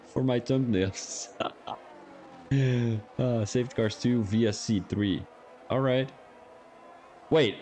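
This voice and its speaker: Young male streamer, casual race commentator bantering with chat, lower voice, faint background noise. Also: darkish tone. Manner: casual, joking, chats with viewers while commentating. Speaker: sim racing stream commentator.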